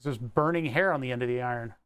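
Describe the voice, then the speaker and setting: Fast and fairly bright, with a clear, resonant mid-range voice, a young hobbyist from Delaware County, Pennsylvania, rambles playfully to himself as he works on electronics for his vlog.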